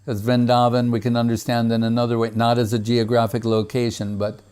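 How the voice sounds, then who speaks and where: Guy giving a devotional talk, retells old stories, recites sanskrit verses, chuckles a lot, mid-pitched voice. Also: monotone, brisk, a little mellow, smooth. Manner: chuckles often. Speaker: spiritual teacher. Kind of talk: devotional discourse.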